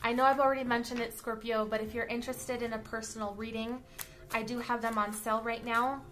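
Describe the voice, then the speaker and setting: A woman reads tarot cards in a casual, chatty way. Her voice is bright and fairly high, and she keeps checking in with quick "okay?" asides. She talks bluntly and now and then lets a swear word slip. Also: level tone. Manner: chatty, checks in often with "okay?" and "all right?". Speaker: tarot reader. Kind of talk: casual tarot card reading to camera.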